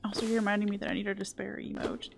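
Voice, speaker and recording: A woman's voice: medium pitch, little pitch movement, rapid-fire, creaky, noisy background. A woman streaming a video game live, chatting casually, joking at her own mistakes and swearing now and then. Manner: chatty, self-deprecating, swears casually, playful baby talk.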